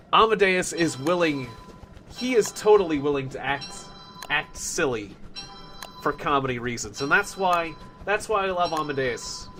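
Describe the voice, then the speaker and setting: A man's voice: on the high side, fairly bright tone. A man hosting a game live stream, chatting playfully with viewers and laughing often. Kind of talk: casual live stream chat.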